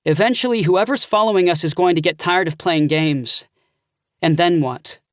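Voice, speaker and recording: A man's voice: high-pitched, moderate pace, no echo, studio quality, natural voice. A man doing a firm young woman leader. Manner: firm and organized. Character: calm decisive young woman, group leader.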